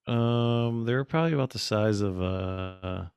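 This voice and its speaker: Gravelly low-voiced man telling stories. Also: measured pace, no room sound, highs cut off. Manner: animated storyteller, acts out quotes. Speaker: podcast guest. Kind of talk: casual chat.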